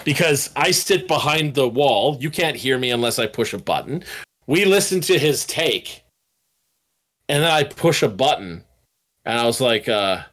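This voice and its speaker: Animated, swearing male storyteller. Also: mid-range voice, a little slow. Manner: animated, swearing storyteller who acts out quotes. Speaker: band guitarist and studio producer. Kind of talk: casual interview storytelling.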